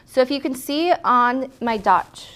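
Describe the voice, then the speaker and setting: A woman's voice: high-pitched, lively intonation, a little slow, fairly bright tone. Woman walking you thru a lettering tutorial, chatty and upbeat, keeps restarting sentences. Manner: chatty, encouraging, self-correcting as she demonstrates. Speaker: lettering instructor. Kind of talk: casual hands-on tutorial.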